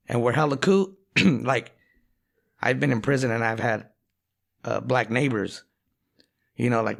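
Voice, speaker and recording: A man's voice: mid-range voice, creaky, a bit bright. A man telling a long profane joke in casual chat, rambling and full of fillers. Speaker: rapper.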